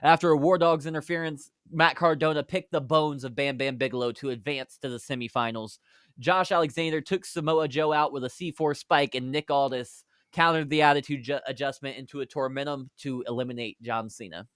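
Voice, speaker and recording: A man hosting a podcast, recapping a fantasy wrestling card in brisk play-by-play storytelling. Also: mid-range voice, steady tone, a bit bright, clear, resonant tone, no echo, clean studio sound. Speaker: podcast host.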